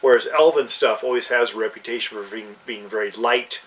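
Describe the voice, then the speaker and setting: Co-host: man of mid pitch, loose and rambling, sits a little back from the mic. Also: a little fast, fairly bright tone, far from the mic, rough recording. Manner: rambling, many fillers and restarts. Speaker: podcast co-host. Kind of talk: casual chat about fantasy games.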